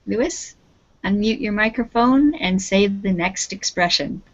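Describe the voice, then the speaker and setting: A woman's voice: medium pitch, lively intonation, a little slow. A woman with a Canadian accent, teaching an English lesson over a video call and patiently prompting her students. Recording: dull lo-fi video call audio.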